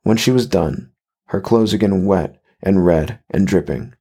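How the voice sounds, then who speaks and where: Husky low-voiced male horror narrator. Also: measured pace, warm tone.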